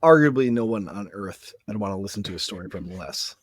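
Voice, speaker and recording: Man, low-pitched, podcast co-host, short dry quips, dead-dry sound. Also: animated, fairly quick, dry recording. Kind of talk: casual movie-review chat.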